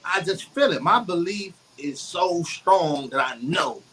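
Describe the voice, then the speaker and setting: Guy co-host, kinda high voice, candid and reflective, bit of hiss behind. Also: animated, measured pace, bright, forceful tone, rough recording. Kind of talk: casual conversation on emotions.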